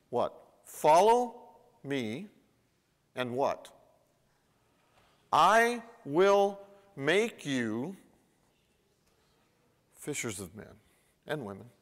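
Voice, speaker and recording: A man preaching a sermon as pastor, animated and emphatic, his intensity rising and falling, with frequent restarts and repetitions. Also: on the high side. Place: church. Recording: long reverb of a church hall.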